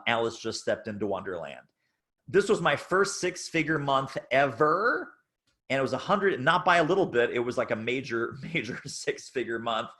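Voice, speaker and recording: A man's voice: mid-range voice, fairly bright tone. A man giving a sales training talk at a chapter meeting, emphatic and fond of repeating phrases for effect.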